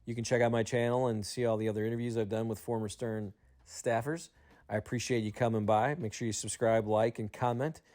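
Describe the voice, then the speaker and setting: A man's voice: medium pitch, fairly even intonation, brisk, darkish tone. Man casually recapping a radio show. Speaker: channel host.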